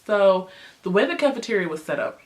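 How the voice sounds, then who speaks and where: A young woman vlogger telling a story in a casual, chatty way, with lots of fillers, jumping high in pitch when she acts out what people said. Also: fairly quick. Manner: animated, acts out quotes with big pitch jumps.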